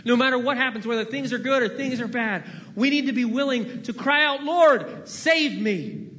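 A man preaching a sermon as pastor to his church, dramatic, moving between loud pleading and hushed, near-whispered lines. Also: very high voice, fairly even intonation, fairly quick, big-room sound. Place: church sanctuary.

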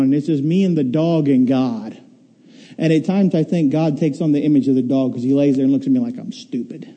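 A man's voice: on the high side, mellow, dull audio. A man preaching a sermon to a congregation, emphatic, repeating key words and firing rhetorical questions. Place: church hall with congregation. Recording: long reverb of a large hall.

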